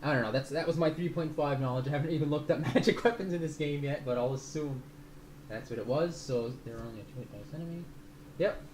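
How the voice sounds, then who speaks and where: A man's voice: on the high side, fast, a little mellow, slight background noise. A man running a tabletop game as game master, rambling through the rules and swearing casually. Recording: roomy room sound.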